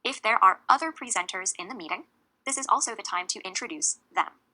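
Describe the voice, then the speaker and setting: Bright, clear woman teaching a lesson. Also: mid-range voice, animated, low-quality recording. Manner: clear, measured delivery with deliberate emphasis on key words. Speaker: English teacher. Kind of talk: scripted lesson narration.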